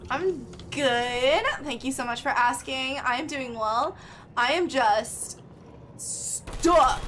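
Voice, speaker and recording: A woman's voice: fairly high pitch, measured pace, a bit bright, slight background noise. A young woman streaming a game live, thinking aloud in a chatty way and greeting her viewers by name. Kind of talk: live gameplay chat with viewers.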